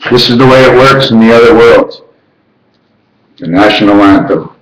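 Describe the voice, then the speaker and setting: A man at moderate speed strings together a rambling monologue of rhythmically chanted numbers and letters, leaping from one idea to another with sudden pitch jumps. It's a rough recording with a roomy sound.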